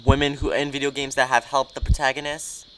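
A man's voice: mid-range voice, completely flat delivery, brisk, pushed and bright, slight background noise, low-quality recording. A man hosting a casual chat, rambling and hedging with many fillers and laughing at himself. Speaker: host.

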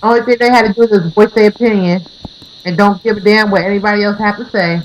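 A woman's voice: medium pitch, steady tone, quick pace. A woman in a casual chat, speaking bluntly and swearing casually. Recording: dull lo-fi audio with faint hiss.

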